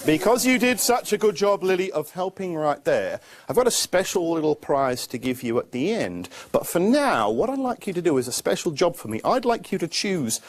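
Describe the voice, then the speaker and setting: A man performing a live children's magic show, teaching tricks and coaxing young helpers in a playful, animated way. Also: fairly high pitch, normal speed, few pauses, dry recording.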